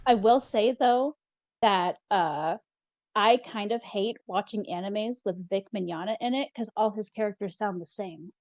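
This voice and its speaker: A woman's voice: mid-range voice, measured pace, darkish tone, no echo, dull audio. A woman playing in a tabletop game, speaking candidly in casual chat and hesitating as she starts. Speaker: player.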